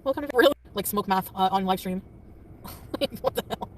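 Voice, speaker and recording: A woman chatting on a casual livestream, quick and defensive, often laughing and snapping back at commenters. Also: mid-range voice. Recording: distant mic with faint traffic noise.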